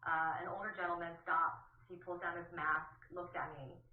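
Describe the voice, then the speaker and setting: A woman correspondent speaks in a shaken, trembling voice, stumbling and restarting as she talks. Her voice sits on the lower side. It comes through distant, narrow and phone-like, with a roomy echo, like a rebroadcast news segment. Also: flat delivery, slight background noise. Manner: emotional, halting, with many restarts. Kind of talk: broadcast news interview.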